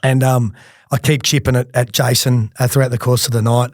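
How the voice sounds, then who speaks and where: A man's voice: mid-range voice, level tone, fairly quick, darkish tone, no echo, clean studio sound. A middle-aged Australian man, a podcast guest, telling casual stories with lots of laughing and swearing. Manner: laughing, swears freely, rambling anecdotes. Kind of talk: casual storytelling.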